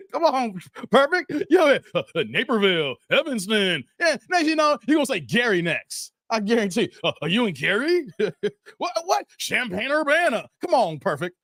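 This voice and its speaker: A man's voice: very high-pitched, very animated, normal speed, a bit bright, no echo, studio quality. A man hosting a live stream, casually chatting and reading comments in a playful, laid-back, trash-talking way. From Chicago area.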